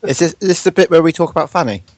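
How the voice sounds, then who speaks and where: A man's voice: a little high, racing, dry recording. An English man co-hosting a podcast, joking playfully in casual chat. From England. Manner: playful, jokey. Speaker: podcast co-host.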